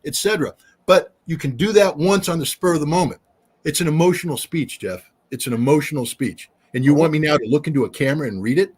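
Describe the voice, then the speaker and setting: A man's voice: a little high, fast, slightly rough. A middle-aged man, a former weapons inspector, talking emphatically in a casual interview. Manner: emphatic, animated storyteller.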